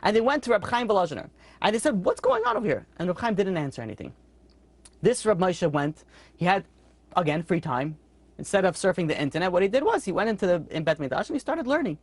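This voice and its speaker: A man who teaches a weekly Torah class, telling stories in a quick, conversational way and jumping up in pitch when he voices characters. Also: sing-song, dry recording. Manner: quick, conversational, acts out characters with sudden high-pitched outbursts.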